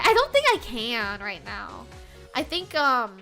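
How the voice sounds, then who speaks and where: A young woman streaming from home, chatting casually with her viewers, bubbly and swinging between soft murmurs and loud excited bursts. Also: on the high side, measured pace, gravelly, soft background music.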